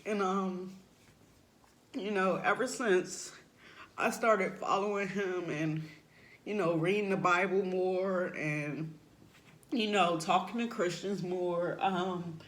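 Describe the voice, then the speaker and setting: A woman giving a heartfelt, unscripted faith testimony. She speaks earnestly and haltingly, often filling pauses with "like" and "you know," and turns emotional and soft at times. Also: on the low side, fairly even intonation. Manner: emotional, voice drops softly at times. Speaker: person sharing a faith testimony.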